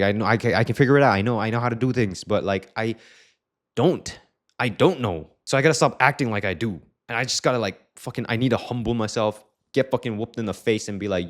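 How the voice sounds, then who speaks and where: A young man talking frankly in a personal vlog, swearing often, rambling and restarting his sentences. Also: deep voice. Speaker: vlogger.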